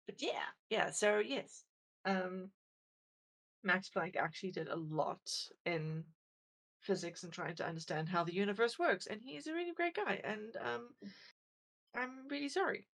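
Gravelly-voiced woman rambling. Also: mid-range voice, a little slow, a bit bright. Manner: rambling, self-deprecating, lots of fillers and restarts. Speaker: podcast co-host. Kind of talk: casual chat.

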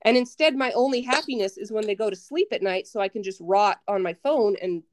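A woman's voice: mid-range voice, a little fast, a little hiss or hum. A woman in her thirties, a podcast guest, casually telling self-mocking stories and acting out her own past lines. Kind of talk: casual storytelling chat.

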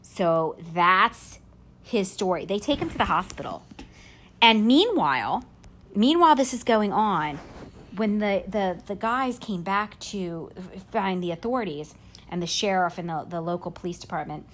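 A woman podcast host retelling a story in casual chat, haltingly, with fillers and self-corrections. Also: mid-range voice, lively intonation, a bit bright, a little hiss or hum.

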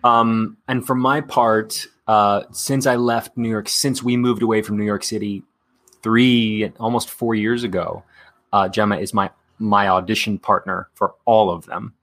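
A man's voice: fairly low pitch, little pitch movement, unhurried, fairly bright tone. A man from Texas, an actor, chatting candidly in an interview with many fillers and restarts. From Texas, USA. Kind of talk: casual interview chat.

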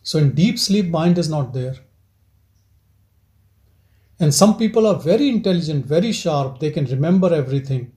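A man leads a satsang, his voice sitting high for a man yet soft and mellow in tone. He turns over one rhetorical question after another in a gentle, probing teaching manner, the talk reflective rather than forceful. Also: expressive, moderate pace, long pauses. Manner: asks repeated rhetorical questions. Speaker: spiritual teacher leading a satsang.

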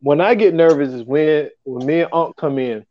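A man's voice: fairly high pitch, moderate pace, highs cut off, background noise. A man hosting a podcast in casual chat, rambling and filling with "you know what I'm saying.". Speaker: podcast host.

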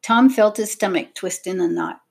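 Lady reading a kids' story aloud, expressive and steady. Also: medium pitch, normal speed, gravelly, slightly rough. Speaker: audiobook narrator. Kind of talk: children's book narration.

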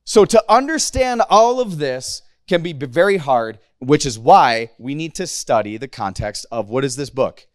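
A man's voice: a little high, expressive, normal speed, few pauses, no echo, clean studio sound. Candid emotional man in his thirties preaching. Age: 30s. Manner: emotional, candid, rambling with restarts. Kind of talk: casual sermon.

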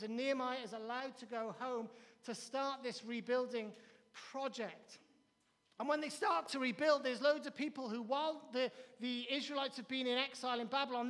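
A man's voice: extremely high pitch, fairly bright tone, big-room sound. A man preaching a sermon as pastor, emphatic, with repeated phrases and acted-out quotes. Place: church.

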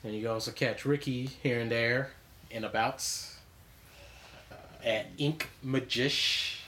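A man in his own relaxed podcast voice, talking loosely and piling up fillers as he rambles through a story. His pitch sits in the middle of the male range. A faint hiss of background noise hangs under the recording. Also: a little slow. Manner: rambling, filler-heavy, laughs often. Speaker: podcast host. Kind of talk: casual chat.

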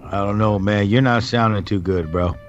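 A man's voice: lowish voice, moderate pace, faint music behind. A man co-hosting a podcast in casual chat, teasing and needling his partner. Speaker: podcast co-host. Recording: dull lo-fi audio.

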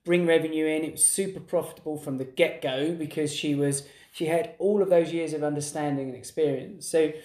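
A man's voice: a little high, fairly even intonation, brisk, few pauses, darkish tone, echoey room. A man in his thirties co-hosting a podcast, chatting casually and rambling through restarted sentences. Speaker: podcast co-host. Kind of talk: casual chat.

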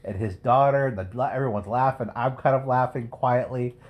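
A man's voice: medium pitch, normal speed, muffled recording. A man co-hosting a podcast, telling stories in a crude, profane casual chat. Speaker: podcast co-host.

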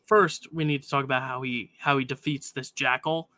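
A man's voice: medium pitch, steady tone, moderate pace, pushed and bright, dry recording, clean studio sound. A man co-hosting a casual podcast, rambling enthusiastically. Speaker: podcast co-host. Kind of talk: casual chat.

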